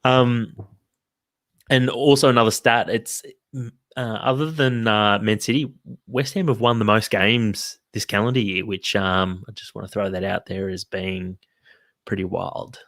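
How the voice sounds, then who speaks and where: A low-pitched man chats loosely about a football match, piling up restarts and the occasional curse. His voice sits close and dry on the mic, with no room sound. It sounds like an easygoing podcast co-host. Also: steady tone, unhurried, fairly bright tone, no echo. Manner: rambling, with restarts and casual swearing. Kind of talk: casual football chat.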